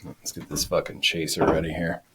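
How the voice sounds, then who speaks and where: A man's voice: a bass voice, level tone, normal speed, background noise. A man co-hosting a casual podcast, laid-back and swearing as he reacts to the drinks. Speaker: podcast co-host. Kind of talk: casual chat.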